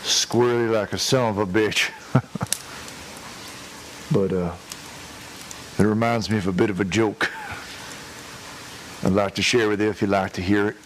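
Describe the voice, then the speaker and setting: A crude, long-winded redneck played by a man spins a prank-call joke in a lowish voice. He drawls very slowly and stumbles through every sentence with uh and restarts. Faint rain patters behind him. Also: fairly even intonation, slight background noise, lightly acted, low-quality recording. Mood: drawling. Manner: drawling, hesitant, full of uh and restarts; crude, chuckles at his own story. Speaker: prank caller telling a joke.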